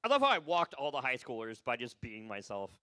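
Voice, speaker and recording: A weary male open mic comedian rattles through a profane, rambling set. His voice sits high, swings widely and sounds bright and sharp. He laughs at his own jokes, and the sound is dry and close. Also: wildly swooping pitch, a little fast, clear, resonant tone, no echo. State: tired.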